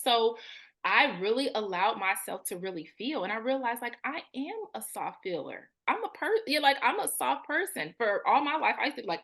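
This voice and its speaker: A woman's voice: a little high, very animated, moderate pace, vocal fry, fairly bright tone. A woman in her thirties, a therapist and spiritual coach, telling her story in a frank, colloquial way and animating the thoughts she quotes. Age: 30s. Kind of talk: candid personal storytelling.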